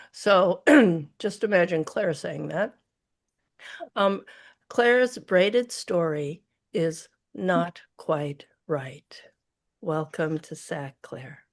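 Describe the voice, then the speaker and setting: A woman hosts a storytelling evening, speaking slowly and warmly between tellers. Her voice is a little low and her pace is unhurried. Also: gravelly. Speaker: event host. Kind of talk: introducing storytellers.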